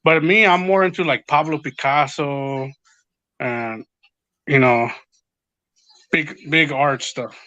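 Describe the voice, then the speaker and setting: A man's voice: fairly high pitch, fairly even intonation, slow, long pauses, pushed and bright, no room sound, dull audio. A man in casual podcast chat, rambling and swearing as he retells what others said. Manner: rambling, profane, retells quotes. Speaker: podcast guest.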